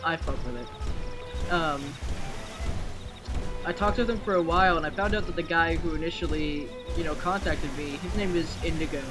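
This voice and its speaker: Chatty, excitable streamer with game music behind. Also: mid-range voice, normal speed, pauses often. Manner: chatty storyteller, swears freely, gets loud and excited. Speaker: Twitch streamer. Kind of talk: casual chat while streaming a game.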